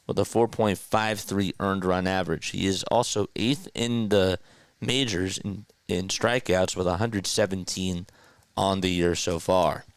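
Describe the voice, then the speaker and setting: A man's voice: on the low side, a bit bright, clean tone, no room sound. A man hosting a casual sports livestream, chatting loosely and reading viewer comments aloud from a home streaming setup. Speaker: play-by-play livestream host. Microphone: podcast mixer setup.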